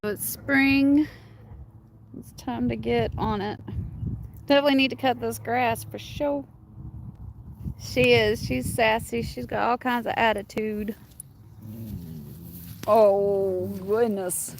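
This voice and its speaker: A woman's voice: on the high side, fairly even intonation, a little slow, creaky, pauses often, a little hiss or hum. A woman hosting a casual livestream outdoors. She rambles, uses many fillers and coos to her dogs. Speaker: livestream host. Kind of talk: casual chat with viewers.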